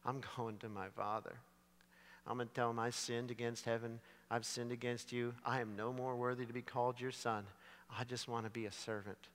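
A man acting out a repentant young son who is humbled and pleading in a hushed, halting voice. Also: medium pitch, flat delivery, big-room sound, voice pushed down, lightly acted. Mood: contrite, hushed.

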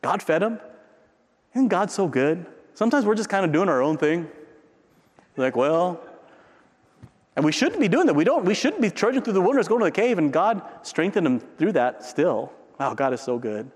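High-voiced preacher in a reverberant hall. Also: male voice, very animated, moderate pace, slightly rough. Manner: conversational, swings from loud peaks to near-whisper; frequent tag question "right?". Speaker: pastor. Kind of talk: sermon.

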